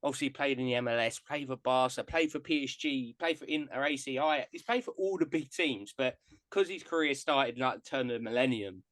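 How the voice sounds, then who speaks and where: A man's voice: mid-range voice, a little fast, a bit bright, no room sound. A man hosting a casual podcast chat, an enthusiastic and self-deprecating fan of the players he discusses. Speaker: podcast host. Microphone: podcast mic on live stream.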